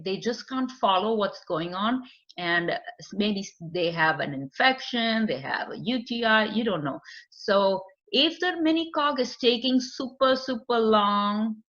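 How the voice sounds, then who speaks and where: Bright-voiced woman trainer, lo-fi sound. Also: medium pitch, lively intonation, measured pace. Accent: non-native English. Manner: explanatory, with fillers and acted client quotes. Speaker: dementia screening trainer. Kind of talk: training lecture. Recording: dull lo-fi recording.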